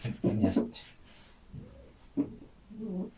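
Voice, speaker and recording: A man's voice: extremely slow, noisy background. A man teaching a maths lesson, talking informally to his viewers and repeating key points. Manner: chatty, addresses viewers as guys, repeats himself. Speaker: maths tutor.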